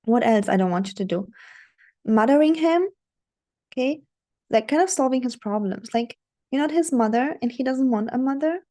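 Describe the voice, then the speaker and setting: With a high, warm voice, lively intonation and a moderate pace, a woman dating coach speaks straight to her viewers in a coaching monologue. She's instructive and repetitive, often checking in with "okay?" and repeating "don't do it".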